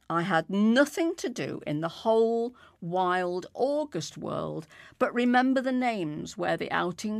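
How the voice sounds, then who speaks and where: A woman narrating a story in a lyrical, expressive reading. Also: medium pitch, no echo, studio quality.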